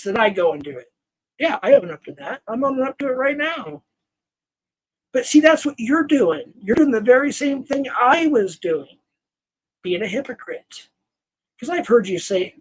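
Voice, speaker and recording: An older man hosting a livestream, scolding a viewer in a heated, halting rant full of restarts. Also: high voice, animated, husky, low-quality recording. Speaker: livestream host. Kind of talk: angry livestream rant to chat.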